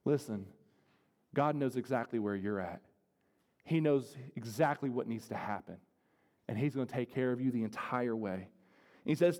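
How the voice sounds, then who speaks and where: Male pastor, fervent sermon delivery, lightly raised pitch, church hall reverb. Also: a little fast. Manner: preaching with wide swings from loud to hushed. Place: church sanctuary.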